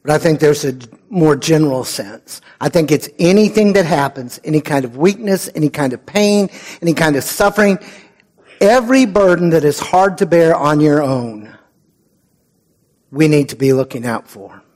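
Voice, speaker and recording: A man preaching a sermon with a slightly high-pitched voice. He talks in an earnest, conversational way, pausing prayerfully and sometimes dropping almost to a whisper. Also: expressive, a little mellow. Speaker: pastor.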